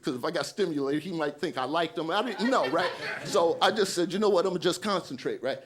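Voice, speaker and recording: A man in his forties with a high voice tells a stand-up story. He acts out the other people's voices and keeps checking in with "right?". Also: lively intonation, a little fast, background noise. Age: 40s. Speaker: stand-up comedian.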